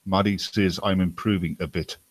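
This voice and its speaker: A man's voice: sits low, steady tone, moderate pace, breathy edge, dry recording. A man in a casual stream chat, speaking hesitantly with many restarts.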